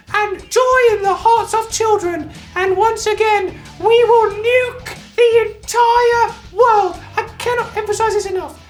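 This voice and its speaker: A shrill, manic candidate voice. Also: male voice. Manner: slow, emphatic speechmaking. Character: shrill manic male candidate promising nuclear doom.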